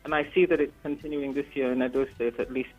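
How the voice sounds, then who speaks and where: A man's voice: mid-range voice, steady tone, fast, dull audio, faint music behind. A man joining a panel remotely, making an earnest, persuasive case, with frequent fillers. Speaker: panel guest.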